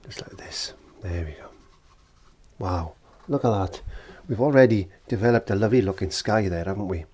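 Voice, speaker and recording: A man teaching a painting lesson, gentle and encouraging, sometimes dropping into whispered asides, indoors in a studio. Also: sits low, moderate pace, slight background noise. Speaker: art teacher. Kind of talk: painting tutorial.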